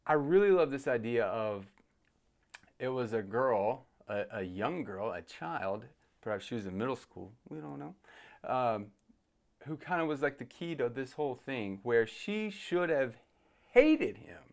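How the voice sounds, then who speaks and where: Animated man retelling a Bible story. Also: medium pitch, creaky. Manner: animated, acts out characters in quick asides. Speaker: youth ministry host.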